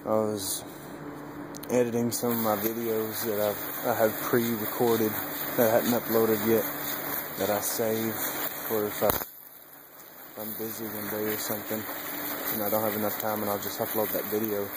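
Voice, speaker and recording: A young man vlogging outdoors with a handheld camera, rambling and cursing, laughing often and getting animated as he retells a story. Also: fairly low pitch, normal speed, long pauses. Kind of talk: casual rambling vlog. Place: outdoors by a dog cage. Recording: noisy outdoor ambience.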